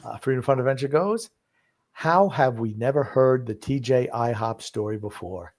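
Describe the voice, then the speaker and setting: A man's voice: medium pitch, normal speed, darkish tone. An older man co-hosting a casual podcast, teasing his co-hosts and reading viewer comments aloud. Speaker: co-host reading chat comments.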